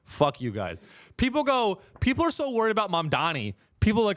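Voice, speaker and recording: A man hosting a comedy podcast, ranting in an animated way and keeps slipping into mocking impressions of other people. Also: high-pitched, brisk.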